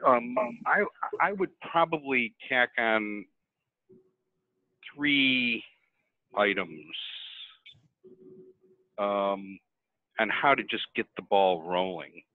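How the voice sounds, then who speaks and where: A man speaking as a webinar panelist, telling stories in an animated, conversational way over tinny call audio. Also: lowish voice, drawn-out words, long pauses, no room sound. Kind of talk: webinar storytelling.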